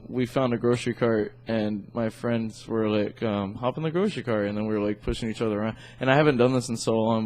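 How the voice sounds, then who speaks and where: A young man co-hosting a podcast, telling rambling stories full of fillers and swearing in casual chat. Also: lowish voice. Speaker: podcast co-host.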